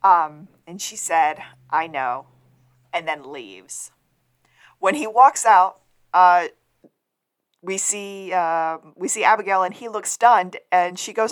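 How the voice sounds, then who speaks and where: A woman's voice: on the low side, slow. Woman animatedly retelling a TV episode. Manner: animated retelling, acting out quotes. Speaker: podcast co-host. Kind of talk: casual recap chat.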